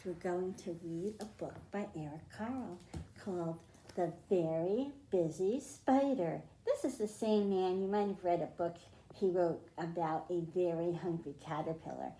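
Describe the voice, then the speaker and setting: A children's librarian reading a picture book aloud to young children, speaking gently and addressing them directly. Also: female voice, on the low side. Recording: echoey room.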